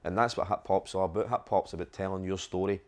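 A man's voice: sits low, fairly even intonation, fast, slight background noise. A Glaswegian man in an interview, frank and storytelling. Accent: Glaswegian Scottish. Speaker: rapper.

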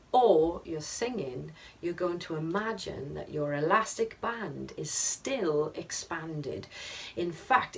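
A woman choir leader guiding a vocal warm-up, upbeat and encouraging, counting the group in. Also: fairly low pitch. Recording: distant mic with music behind.

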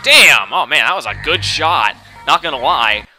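A young man commentating his own video game run, swinging between frustrated shouting and swearing and calm explanations of tactics. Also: on the high side, moderate pace, faint music behind. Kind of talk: let's play commentary.

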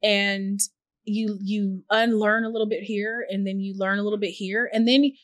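A woman guest on a podcast, talking earnestly and reflectively with lively quoted asides. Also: medium pitch, normal speed, dry recording. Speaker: podcast guest, tech journalist and founder. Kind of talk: reflective conversational interview.

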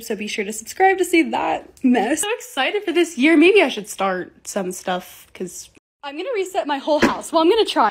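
A young woman narrating a casual lifestyle vlog, chatty, upbeat and poking fun at herself. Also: high voice. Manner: chatty, upbeat, self-mocking. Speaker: lifestyle vlogger. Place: home bedroom and bathroom.

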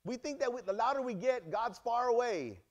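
A male pastor preaching a sermon, acting out little dialogues and swinging between loud exclamations and quiet asides. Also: very high-pitched, normal speed, highs cut off. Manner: animated, acts out dialogues in many voices. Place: church.

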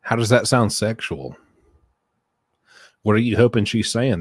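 A man giving sarcastic reaction commentary on a recorded phone call, mumbling low, then bursting out in exasperation. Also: measured pace, pauses often, husky, no room sound. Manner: sarcastic, mocking, swings between mumbling and exasperated outbursts.

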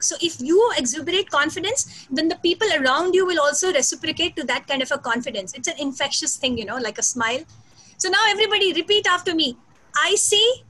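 Woman, very high voice, bright, fast energetic lecture, video call. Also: poor audio. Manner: fast, energetic, emphatic delivery. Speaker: guest lecturer. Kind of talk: online teacher training talk.

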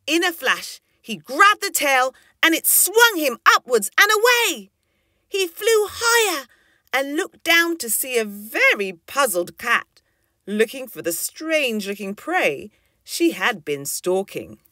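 A woman reading a children's story aloud in an expressive, lilting way. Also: sits high, slow, no echo, clean studio sound.

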